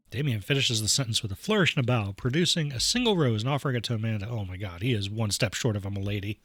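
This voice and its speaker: A man's voice: lowish voice, expressive, quick pace, hardly any pauses, fairly bright tone, no room sound, clean studio sound. A man reading a dating game aloud as the host, with casual, wry asides. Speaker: game streamer narrating.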